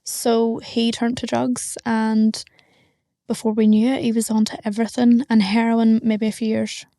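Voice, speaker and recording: Young Northern Irish woman, frank matter-of-fact guest, higher voice, flat delivery, mellow tone. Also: measured pace, dry recording, studio quality. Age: young adult. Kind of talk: candid interview talk.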